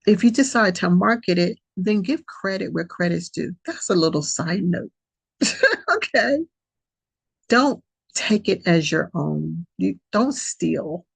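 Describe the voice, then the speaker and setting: A woman hosts her podcast in a reflective spiritual monologue. Her voice is low, gravelly and husky, and she talks slowly and earnestly. She keeps coming back to key phrases. The sound is close and dry. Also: no room sound, low-quality recording. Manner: slow, gravelly, breathy voice. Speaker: podcast host.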